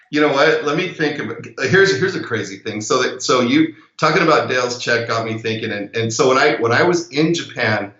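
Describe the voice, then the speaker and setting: A middle-aged man as a guest in a casual interview, telling stories reflectively with soft laughs. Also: fairly low pitch, echoey room, muffled recording.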